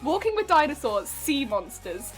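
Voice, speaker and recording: A woman's voice: sits high, sing-song, moderate pace. A chatty, giggly young woman streaming while she sews, gushing about a show and reading out chat. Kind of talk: casual chat while sewing. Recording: faint background music.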